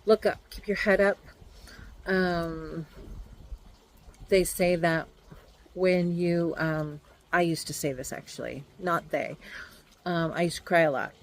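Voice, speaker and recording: Tarot reader, female, somewhat low pitch; halting, reflective delivery full of fillers. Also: fairly even intonation, slight background noise, rough recording. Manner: hesitant and musing, many fillers. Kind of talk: casual tarot card reading.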